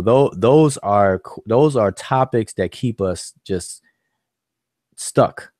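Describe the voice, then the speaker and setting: Man, very low voice, casual group discussion, loose talk with many fillers. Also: expressive, takes it slowly, darkish tone, no echo, clean studio sound. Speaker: host of an online study group.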